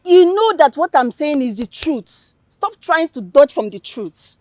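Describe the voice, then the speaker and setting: A principled young woman protesting against her scheming friends. Her voice is high and lively in pitch, recorded close and dry. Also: measured pace, no echo. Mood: defiant. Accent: Nigerian. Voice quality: earnest, protesting. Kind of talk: film drama acting.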